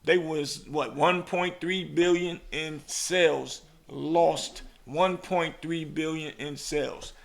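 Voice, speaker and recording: A man's voice: on the high side, takes it slowly, creaky, hardly any pauses. A male podcast host telling casual stories and acting out voices in his anecdotes. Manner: animated, acts out voices in anecdotes. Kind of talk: casual storytelling chat.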